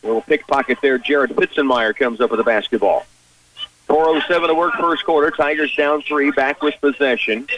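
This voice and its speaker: A man's voice: fairly high pitch, highs cut off. Man calling basketball on radio. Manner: rapid clipped play calls, rising at big shots. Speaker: play-by-play announcer. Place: high school gym broadcast position. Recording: broadcast radio, mic at a distance.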